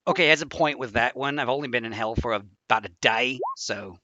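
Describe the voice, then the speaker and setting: A man playing his character in a tabletop game, cheeky and animated. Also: mid-range voice, brisk, dry recording. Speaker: player. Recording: dull dry lo-fi mic.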